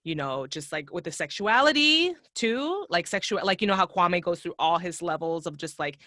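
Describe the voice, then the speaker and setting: A woman's voice: fairly low pitch, expressive, normal speed, pushed and bright, dry recording, studio quality. A woman hosting a casual podcast, rambling in slangy chat full of fillers. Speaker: podcast host.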